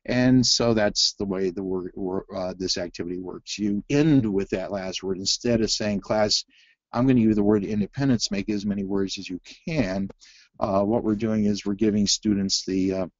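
In a fairly low voice, a man teaches a phonics webinar, talking through word activities while using lots of fillers and restarting often. He's a reading teacher, and the dry recording sounds dull.

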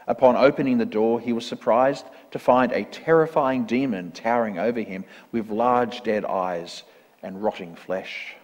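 A man reading a parable aloud in a church service, in a measured, earnest storytelling manner. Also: mid-range voice, a little mellow. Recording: long church reverb.

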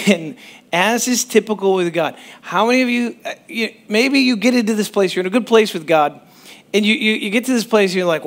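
A man pastor giving a sermon in a conversational, animated way, often breaking off mid-sentence to restart. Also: high-pitched, brisk.

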